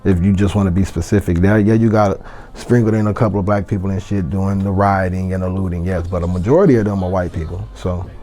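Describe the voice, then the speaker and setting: A man's voice: deep voice, fairly even intonation, quick pace, warm tone. A man from San Antonio, a rapper, talking bluntly and profanely as an interview guest. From San Antonio, Texas. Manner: blunt and profane, heated storytelling. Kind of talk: casual interview chat.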